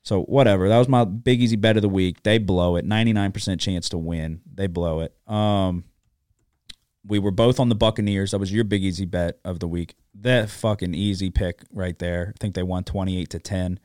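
A man's voice: low-pitched, steady tone, moderate pace, a little mellow, no room sound, clean studio sound. A man co-hosting a sports betting podcast, ranting with frequent profanity in casual chat.

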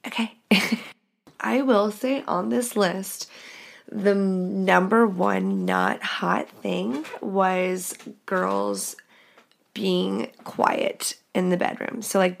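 A woman's voice: medium pitch, creaky. A young adult woman hosting a podcast, chatting candidly in a blunt, self-mocking way and swearing freely. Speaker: podcast host. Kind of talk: candid casual chat.

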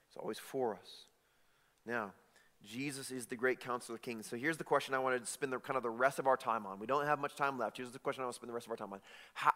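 A man's voice: medium pitch, a bit bright. A man preaching a sermon, speaking casually and animatedly, acting out Bible characters in everyday modern voices. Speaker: pastor. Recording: long hall reverb.

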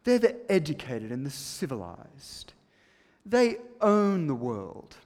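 Haughty posh British man, as a preacher puts him on, slightly high, long hall reverb. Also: big pitch swings, takes it slowly, darkish tone. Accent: put-on British. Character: snooty posh British man boasting of culture.

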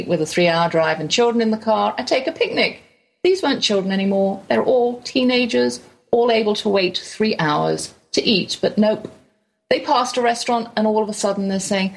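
A middle-aged woman with an English accent, hosting a radio show and telling a chatty, animated story. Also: mid-range voice, gravelly, low-quality recording. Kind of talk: casual storytelling monologue.

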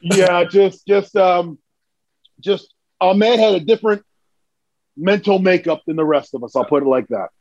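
An animated man with a high voice telling stories, his words tumbling out with excitement. The recording sounds dull and lo-fi. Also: unhurried, dry recording. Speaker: podcast guest. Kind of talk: casual storytelling.

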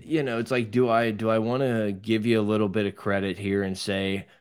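A man's voice: fairly low pitch, level tone, brisk, clean tone, no room sound, studio quality. A man co-hosting a podcast, giving opinionated football takes in a rambling casual way. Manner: opinionated, rambling, restarts often. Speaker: podcast co-host. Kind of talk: casual sports chat.

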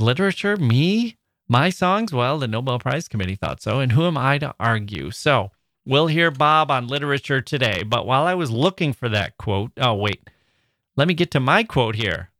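A man's voice: mid-range voice, a bit bright, dry recording, studio quality. A man hosting a literature podcast, talking in a chatty, playful way and quoting people with a lifted voice. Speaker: podcast host. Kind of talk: casual monologue.

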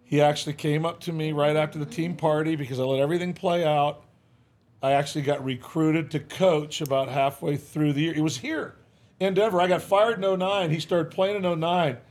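A man's voice: on the high side, fairly even intonation, fairly quick, darkish tone. An older man, a former baseball manager, telling stories as a podcast guest in a casual, folksy way, acting out the quotes he tells. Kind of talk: casual interview storytelling. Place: podcast studio.

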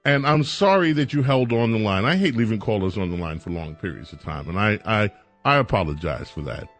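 A man hosts a call-in radio show, teasing and apologizing to his callers by turns. His voice is slightly husky and moves around a lot in pitch. Faint music plays underneath. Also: animated, fairly quick. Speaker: radio talk show host.

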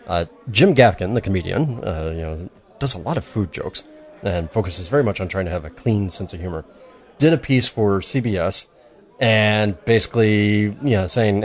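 A man co-hosting a beer podcast in casual, rambling chat with many fillers. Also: fairly low pitch. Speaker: podcast co-host.

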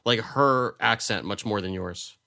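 A man's voice: fairly low pitch, a little slow, gravelly, sharp tone. A man co-hosting a podcast, chatting casually and making wry asides. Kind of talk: casual chat.

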